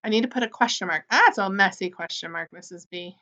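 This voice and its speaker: A woman teaching an early-grade writing lesson, spelling words sound by sound and gently asking and answering her own questions. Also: mid-range voice, dull audio. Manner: slow, sound-by-sound spelling for young children; gently encouraging, asks questions and answers them.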